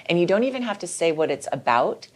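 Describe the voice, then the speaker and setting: A middle-aged woman, a clinical psychologist, explaining ideas in a lively, conversational way as a podcast guest. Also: fairly low pitch, quick pace. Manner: explanatory, lively, acts out quoted voices.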